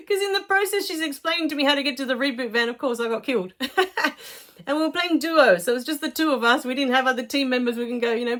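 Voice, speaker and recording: A woman's voice: high-pitched, quick pace. A middle-aged woman, a life coach talking casually to her followers in a chatty storytelling way. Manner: chatty, warm storytelling with laughs.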